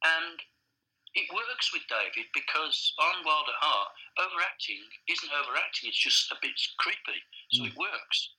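A man in a casual interview, a blunt and animated storyteller who swears freely. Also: a little high, normal speed, slightly rough, rough recording. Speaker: advertising director, guest.

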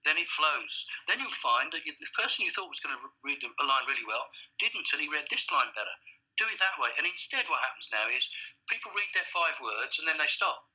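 Blunt, husky-voiced man telling stories. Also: a little high, brisk, poor audio. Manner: blunt, animated storyteller who swears freely. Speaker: advertising director, guest. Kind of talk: casual interview chat.

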